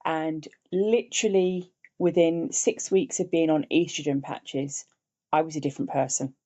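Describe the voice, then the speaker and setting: A woman's voice: sits low, fairly even intonation, moderate pace, dark tone. An older woman from England, a podcast guest, telling her personal story earnestly. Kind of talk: interview conversation. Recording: dull lo-fi remote audio.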